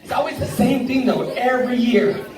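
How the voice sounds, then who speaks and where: At a live benefit show in a large indoor hall, a woman with a slightly high voice does a stand-up set at a moderate pace, brash and profane, often laughing through her punchlines. It was filmed on a phone from the audience far from the stage, so the hall sounds echoey. Music, audience laughter and room noise fill the background.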